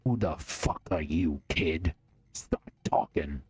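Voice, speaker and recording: A man voicing a cold, threatening male gunman in a game, speaking slowly. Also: breathy edge, dry recording, full character voice. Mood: menacing. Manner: slow, low, threatening.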